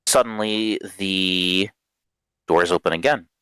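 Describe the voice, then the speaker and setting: A man narrating a tabletop game as game master in a casual, halting way full of fillers. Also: low voice, sharp tone, clean tone, no room sound.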